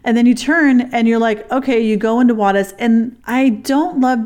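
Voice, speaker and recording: A woman's voice: a little high, normal speed, a little mellow. A woman in casual chat, telling a long, rambling story and swearing freely.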